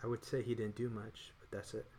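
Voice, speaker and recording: A man's voice: lowish voice, little pitch movement, fairly quick, a little mellow. A man co-hosting a casual podcast, rambling loosely with frequent restarts. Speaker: podcast co-host. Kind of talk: casual chat.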